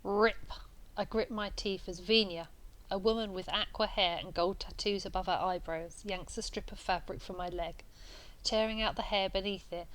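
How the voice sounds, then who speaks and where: A woman reading a novel aloud at a steady pace, with small slips and restarts now and then. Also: medium pitch, moderate pace, rough recording. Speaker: reader.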